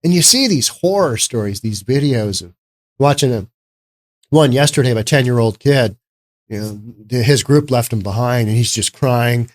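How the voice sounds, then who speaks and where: A man's voice: medium pitch, expressive, moderate pace. A man giving casual political commentary in a sarcastic, rambling way.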